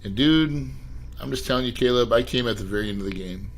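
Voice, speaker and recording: A middle-aged man, a podcast guest, telling his life story in an emphatic, animated way and addressing the host directly. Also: mid-range voice, fast, slight background noise, rough recording. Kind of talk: storytelling interview.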